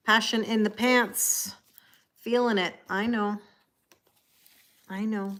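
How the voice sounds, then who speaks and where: Woman, 40s, mid-pitched, chatty live tarot reader who laughs easily and talks straight to her viewers. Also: fairly even intonation, takes it slowly, a bit bright. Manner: chatty, greets viewers by name, laughs often. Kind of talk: casual live-stream card reading.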